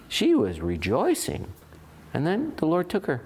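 Animated man preaching a sermon. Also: sits high, normal speed, slightly rough. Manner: animated, expressive preaching with voiced asides and rhetorical questions. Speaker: pastor.

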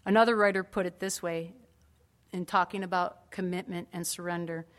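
A woman's voice: lowish voice, fairly even intonation, normal speed. A woman preaching a sermon in an earnest, emphatic way, with conversational asides to the congregation.

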